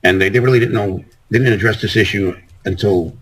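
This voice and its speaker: A man's voice: on the low side, a little fast, fairly bright tone, breathy edge, poor audio. A man talking as a guest on a casual call-in show, rambling and repeating himself as he restarts sentences.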